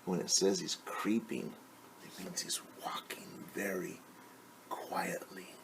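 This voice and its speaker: A man, a teacher, reading a picture book aloud to children in a gentle, hushed way, often dropping to a whisper and explaining new words simply. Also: sits low, slow, vocal fry.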